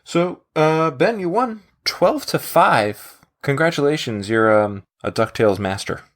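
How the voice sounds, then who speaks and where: At a measured pace and fairly high pitch, a man hosts a casual trivia game for a podcast. He jokes freely, laughs a lot, and sounds like an animated quizmaster.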